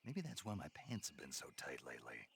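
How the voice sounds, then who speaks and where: Snake, a gravelly soldier. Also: male voice, very deep voice, fairly quick, a little hiss or hum, exaggerated voice. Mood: dry. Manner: dry deadpan humor. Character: gruff male soldier on a jungle mission. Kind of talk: game cutscene dialogue.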